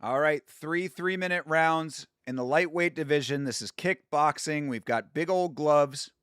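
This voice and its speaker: A man hosting a watch-along from home, chatting casually, rambling, laughing at his own jokes and sometimes bursting out loud. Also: a little high, a little slow, clear, resonant tone, no echo, studio quality. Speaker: YouTube host doing a watch-along. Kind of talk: casual live commentary.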